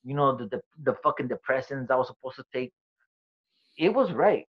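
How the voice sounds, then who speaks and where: A man's voice: medium pitch, expressive, a little fast. A man guest on an interview, a comedian telling his own story in a casual, profane, streetwise way, acting out quoted dialogue. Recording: dull lo-fi recording.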